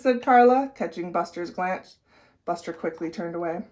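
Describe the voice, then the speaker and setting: A woman teacher leading a guided read-aloud for children, with clear, expressive storytelling. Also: lowish voice, moderate pace. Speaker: reading teacher.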